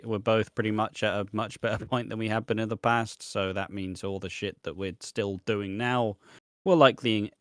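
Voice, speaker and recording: A man's voice: on the low side, no room sound, clean studio sound. A man co-hosting a podcast in casual chat, laid-back and casually swearing. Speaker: podcast co-host.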